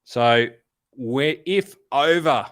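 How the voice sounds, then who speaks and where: An Australian man co-hosts a casual finance talk, blunt and freely swearing with animated asides. His voice sits at an ordinary pitch. The sound is dry and close, with no room around it. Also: extremely slow, clean tone, no echo. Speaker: podcast co-host.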